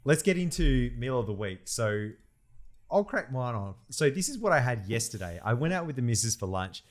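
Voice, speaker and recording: A man's voice: mid-range voice, moderate pace. A young man co-hosting a casual podcast chat, laughing often as he talks. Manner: laughs often, animated, says "mate" a lot. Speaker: podcast co-host.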